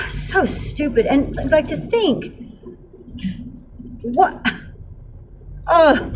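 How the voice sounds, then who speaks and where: A woman's voice: high-pitched, slight background noise, rough recording. A woman in her forties telling a vlog story in a blunt, heated way, with flashes of anger and weary sighs. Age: 40s. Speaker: vlogger.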